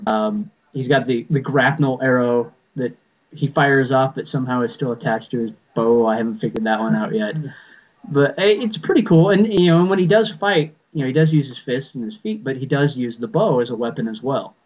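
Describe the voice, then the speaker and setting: A man's voice: medium pitch, fairly quick. A man chatting casually as a podcast co-host, rambling with frequent restarts and fillers. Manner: rambling, many restarts and "you know"s. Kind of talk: casual fan chat. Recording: tinny phone-like sound.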